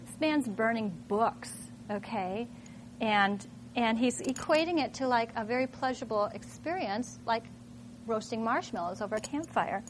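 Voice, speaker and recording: A middle-aged woman teacher with a high, bright-sounding voice talks through a lesson. She thinks aloud in an animated way and keeps firing off rhetorical questions. A faint hum of the room sits behind her. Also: normal speed. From Minnesota. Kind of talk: classroom demonstration talk.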